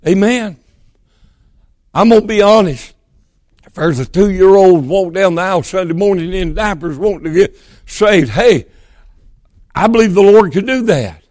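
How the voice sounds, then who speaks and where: A Georgia man preaches a sermon, telling the story folksily and swinging from emphatic bursts to hushed, quiet moments. His voice is high and expressive, unhurried, with long pauses, in a dry recording.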